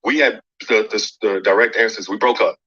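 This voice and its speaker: A man being interviewed, candidly recounting a personal story in a calm, conversational way. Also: on the low side, brisk, husky, lo-fi sound. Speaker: interview guest.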